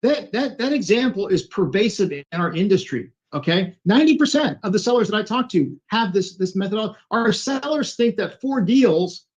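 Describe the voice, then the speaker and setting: A man with a fairly high voice talks shop as a consultant, telling a story and voicing both sides of each exchange. The recording sounds a bit dull and lo-fi. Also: moderate pace, hardly any pauses. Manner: animated, acts out dialogue in quotes. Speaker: IT channel consultant. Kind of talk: storytelling business talk.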